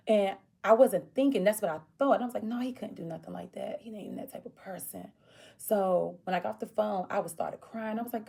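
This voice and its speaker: This woman vlogger has a creaky voice and talks fairly quickly as she shares a personal story in a relaxed way. Whenever she quotes someone, she animatedly performs their voice, leaping up and down in pitch.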